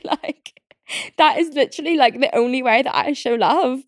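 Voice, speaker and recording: A young British woman hosts a podcast, chatting casually and ranting in a riled-up way with lots of fillers, swearing and frequent laughter. Her voice is high-pitched and expressive at a normal speed, with studio-quality sound and no echo.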